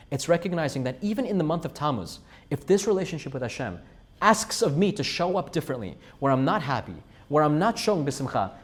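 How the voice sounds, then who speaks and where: A man giving a weekly Torah class, telling stories with emphatic peaks and quiet drops. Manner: storytelling, rises to emphatic peaks and drops low.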